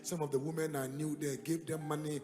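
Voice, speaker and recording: A man with a Ghanaian accent preaching a sermon, telling a story dramatically and building to loud, emphatic peaks. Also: fairly high pitch, little pitch movement, fairly quick. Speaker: pastor. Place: church hall. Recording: echoey hall with music behind.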